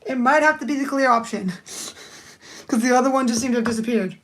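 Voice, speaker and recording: A woman's voice: fairly high pitch, quick pace. Chatty woman livestreaming her nail art. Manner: chatty, rambling, thinks aloud while working. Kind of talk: casual live-stream chat.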